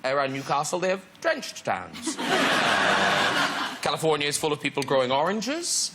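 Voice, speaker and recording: A man's voice: on the high side, huge pitch swings, normal speed, very noisy. A man hosting a talk show, teasing his guests in a playful way.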